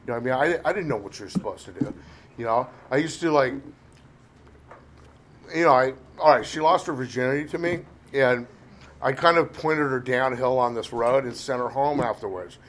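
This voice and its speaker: Talking a little fast in a medium-pitched, slightly bright voice, a middle-aged recovery speaker shares his personal story openly. He wanders off track, mocks himself, and drops "you know" again and again.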